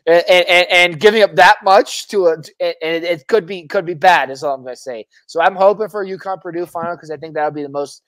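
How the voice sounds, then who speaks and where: A man co-hosting a sports podcast, talking in an animated, casual way, repeating words, restarting sentences and swearing freely. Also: sits high, brisk, hardly any pauses, dry recording. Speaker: podcast co-host. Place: Arizona.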